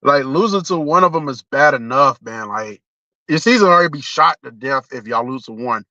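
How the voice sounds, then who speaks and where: A man's voice: mid-range voice, expressive, normal speed, sharp tone, dry recording. A young man, ranting casually about sports on a live stream, blunt and profane, often restarting his sentences. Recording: dull lo-fi stream audio.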